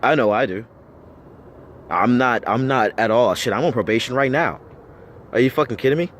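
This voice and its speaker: An American vlogger with a mid-range, fairly bright voice rants bluntly to camera at a moderate pace, swearing constantly. He argues, fires off rhetorical questions, and repeats himself for emphasis over slight background noise.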